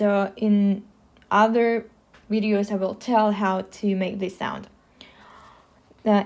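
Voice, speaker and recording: Russian accent lady teaching letters real slow, lots of pauses. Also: mid-range voice, creaky, darkish tone. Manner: slow, careful, pausing often. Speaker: language teacher. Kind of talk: slow alphabet lesson.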